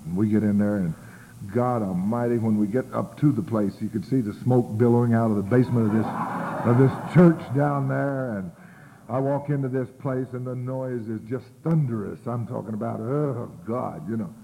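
A man's voice: medium pitch, normal speed, gravelly, mellow, a little hiss or hum. A man telling his story at a recovery meeting in a rambling, colloquial, self-mocking way. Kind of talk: storytelling talk. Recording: tinny, phone-like old tape.

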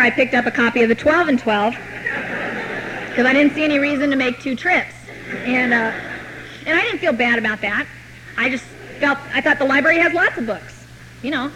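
Quick talking woman with a fairly high voice, dry wry humor, telling her recovery story. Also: slight background noise, poor audio. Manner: wry, deadpan self-mocking humor. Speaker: recovery meeting speaker. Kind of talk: personal recovery story told to an audience.

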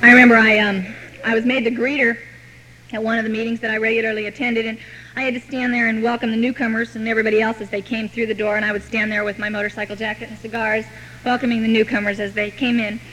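Woman, quick pace, rather high voice, deadpan self-mocking humor, recovery talk. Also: a little hiss or hum, low-quality recording. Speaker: recovery meeting speaker. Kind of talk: personal recovery story told to an audience.

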